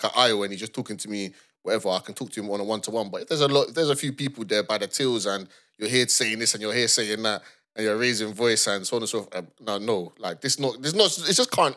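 A young man chats on a podcast. He tells the story in an animated way, acts out what people said, and repeats his words as he goes. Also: medium pitch. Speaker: podcast co-host. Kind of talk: casual chat.

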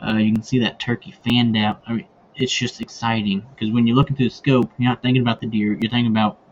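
A man's voice: medium pitch, flat delivery, fast. A man hosting a hunting podcast who tells casual stories, rambling with many fillers and restarts. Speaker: podcast host. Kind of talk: casual storytelling. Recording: dull lo-fi recording with faint ambient noise.

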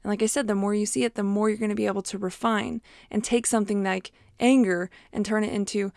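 A woman's voice: medium pitch, flat delivery, fast, creaky, a little mellow, no room sound. Chatty woman coaching in a dry room. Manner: conversational, with frequent fillers and quoted self-talk. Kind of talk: casual podcast monologue.

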